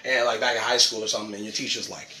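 Lively, slangy comic host, bright voice, sits back in a roomy room. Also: male voice, fairly low pitch, racing. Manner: animated, joking, slangy, laughs often. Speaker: podcast host. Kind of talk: comic monologue. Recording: roomy, away from mic.

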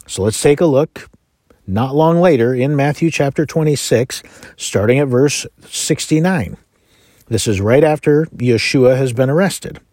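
A man's voice: mid-range voice, a little mellow, no echo. Dry, close-sounding male Bible teacher. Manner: measured, earnest explanation. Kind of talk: scripture teaching with readings.

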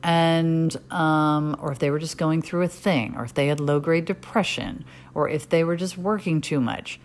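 A woman with a low-pitched voice talking in a candid personal monologue. She is middle-aged and blunt, swearing without hesitation, and circles back with plenty of ums and restarts. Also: moderate pace. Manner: frank and profane, with many fillers and restarts. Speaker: podcast host.

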